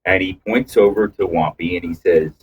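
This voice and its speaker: A man's voice: sits low, moderate pace, far from the mic, slight background noise, low-quality recording. A man co-hosting a casual podcast, telling long rambling anecdotes with restarts and acted-out quotes. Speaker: podcast co-host. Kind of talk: casual storytelling chat.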